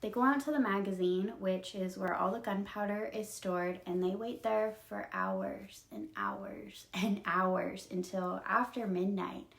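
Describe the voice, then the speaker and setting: Expressive young woman retelling a story. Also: medium pitch, measured pace, gravelly, few pauses, reverberant. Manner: expressive, emotional, laughs often. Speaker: video creator retelling books. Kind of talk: casual storytelling recap.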